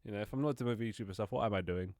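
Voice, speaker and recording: A man's voice: on the low side, racing, darkish tone, dry recording, studio quality. A man with a stuffy, congested nose, rambling and joking casually while streaming his game development work live. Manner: rambling, self-mocking, swears casually.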